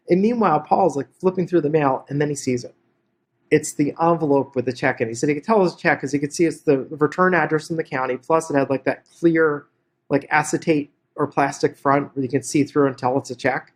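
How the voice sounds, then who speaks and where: A man presenting on real estate investing, telling a story in a lively way and acting out each character's lines. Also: a little high, brisk. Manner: animated, acts out every character's dialogue. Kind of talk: anecdotal storytelling to an online audience.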